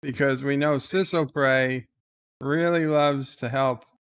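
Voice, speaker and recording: A man hosting a livestream, reading live chat comments aloud in a laid-back, halting way with frequent "uh"s before each comment. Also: mid-range voice, fairly even intonation, fairly bright tone, smooth. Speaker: livestream host.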